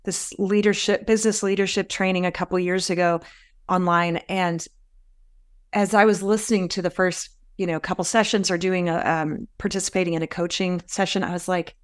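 A woman interviewer speaks in a relaxed, conversational way. She keeps her guest going with short, encouraging affirmations. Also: on the low side, brisk. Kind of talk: casual conversation.

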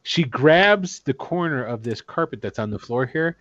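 A man's voice: mid-range voice, animated, normal speed, fairly bright tone, no room sound, highs cut off. A man running a tabletop game as game master, narrating in a loose, casual way.

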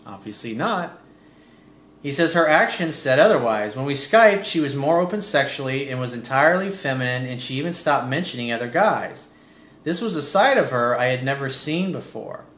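A man's voice: medium pitch, expressive, moderate pace, a bit bright. A man giving blunt, profane dating advice while reading out a listener's letter. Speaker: dating coach. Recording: roomy echo.

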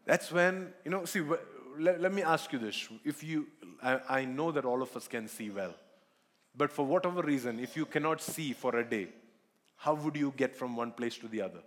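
A man's voice: mid-range voice, moderate pace. A man preaching a sermon in church, earnest, repeating himself and asking the congregation questions. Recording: long hall reverb.

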